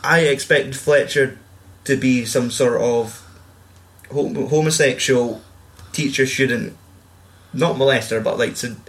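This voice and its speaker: A man in casual chat, swearing freely and acting out quotes in a louder voice. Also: mid-range voice, unhurried. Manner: swears a lot, acts out quotes in raised voices.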